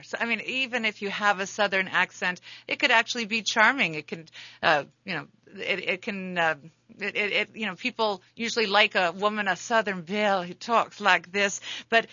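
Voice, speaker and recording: Lady radio host, chatty and friendly, bright voice, dry studio sound. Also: medium pitch, no echo, muffled recording. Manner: friendly, chatty, restarts words. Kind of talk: radio talk show hosting.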